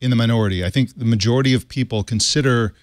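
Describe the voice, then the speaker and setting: A man's voice: medium pitch, rapid-fire, no room sound, clean studio sound. A man on a tech panel giving casual, opinionated takes.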